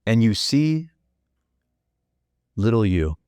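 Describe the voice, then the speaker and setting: A man's voice: fairly low pitch, big pitch swings, slow, a little mellow, clear, resonant tone, dry recording, clean studio sound. A man hosting a podcast, telling a reflective story in the second person, earnest and casual with some swearing. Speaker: podcast host.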